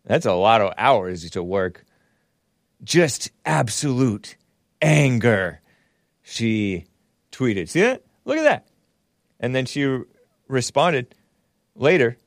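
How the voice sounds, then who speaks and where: A man's voice: lowish voice, no room sound, studio quality. A man hosting a talk show, giving casual, sarcastic commentary and laughing often as he mocks tweets.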